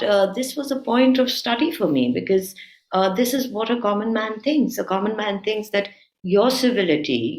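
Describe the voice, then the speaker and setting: A woman's voice: mid-range voice, a little mellow, echoey room. A woman speaking as a guest commentator in a talk-show conversation, assertive and emphatic as she argues her points. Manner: assertive, rising emphatic when arguing.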